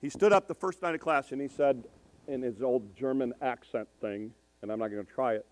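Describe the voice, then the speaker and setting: An older man preaching in a storytelling way, emphatic and slowing down to stress his points. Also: mid-range voice. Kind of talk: storytelling sermon.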